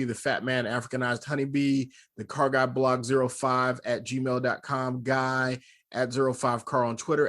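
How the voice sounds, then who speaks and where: A man in the host's chair of a laid-back car show, joking about himself and then settling into long explanations. His voice sits at an ordinary mid pitch, easy and unhurried. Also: fairly bright tone. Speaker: podcast host. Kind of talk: casual chat and car commentary.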